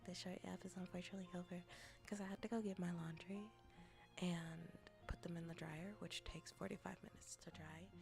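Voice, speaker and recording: Young woman with gravelly fry, half-whispering. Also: fairly low pitch, fairly even intonation, brisk, over music. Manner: often drops into soft whispers; rambling, with restarts and giggles. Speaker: VTuber and ASMR creator. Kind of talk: casual livestream chat.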